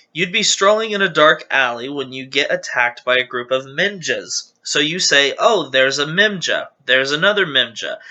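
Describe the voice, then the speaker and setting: A man's voice: medium pitch, pushed and bright, muffled recording. A man hosting his channel, casually reading viewer jokes aloud with chatty, giggly, self-deprecating asides.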